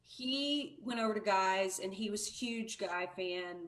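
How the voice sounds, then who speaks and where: A middle-aged woman talking as a guest on a livestream, telling stories in a chatty, relaxed way. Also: medium pitch, a little slow. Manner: chatty storyteller. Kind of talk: casual conversation.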